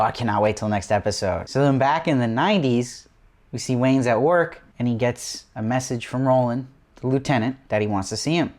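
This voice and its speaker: Guy doing a chatty tv episode review, keeps firing off questions, mid pitch. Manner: enthusiastic, asks lots of rhetorical questions. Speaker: TV review host.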